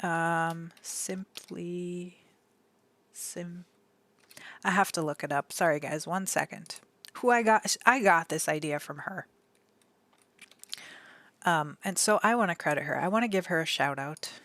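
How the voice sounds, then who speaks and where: A young adult woman streaming from home, talking in a gentle, emotional way with many fillers and restarts. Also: lowish voice, unhurried, long pauses, no echo. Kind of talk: casual live-stream chat.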